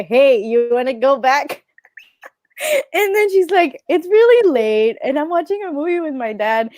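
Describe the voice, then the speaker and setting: Giggly teasing woman, higher voice. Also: no room sound, studio quality. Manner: giggly, teasing, quick bursts. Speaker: guest. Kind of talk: casual chat.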